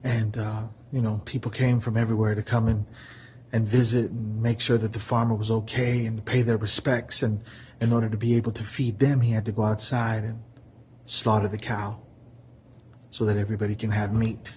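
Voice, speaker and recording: A man's voice: fairly low pitch, little pitch movement, moderate pace, a little hiss or hum. A man telling a story in a casual, earnest way, keeping his voice down, with many fillers. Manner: soft-spoken, keeping voice down. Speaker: vlogger telling a parable.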